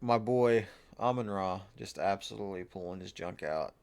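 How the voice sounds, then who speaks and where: A man's voice: deep voice, normal speed, gravelly, darkish tone, slight background noise. A man co-hosting a casual sports podcast over drinks, loose and swearing, laughing often. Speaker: podcast co-host.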